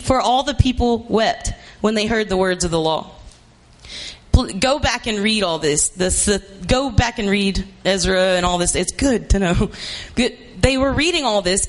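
A woman preaching a sermon in an emphatic, repetitive way, often rising to shouts. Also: a little high.

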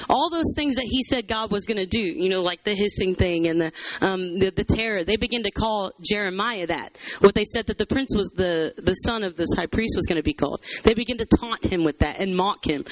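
A man's voice: high-pitched, brisk, no room sound. A man teaching a Bible study to a church group in a chatty, conversational way, with many fillers. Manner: conversational, chatty, fills with "you know" and "um".

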